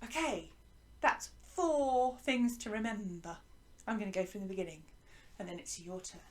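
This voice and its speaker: A woman teaching an online music lesson to children, lively and encouraging, leading call-and-response from a hut. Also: medium pitch, normal speed. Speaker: primary school music teacher. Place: garden hut.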